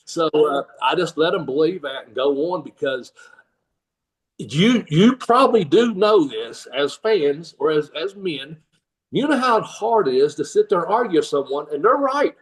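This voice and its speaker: Older guy telling wrestling-fan stories, kinda high voice, laughs a lot, does the fans' voices. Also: expressive, unhurried, distant mic, low-quality recording. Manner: rambling storyteller, laughs often, acts out fans' voices. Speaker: guest, former pro wrestler and trainer. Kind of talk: casual storytelling interview.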